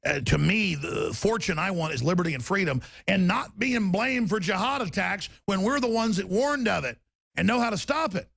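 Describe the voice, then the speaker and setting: A man with a high, gravelly voice rants as a talk show host, heated and sarcastic, breaking into shouts. The sound is close and dry. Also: expressive, moderate pace, no echo. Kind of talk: heated talk radio rant.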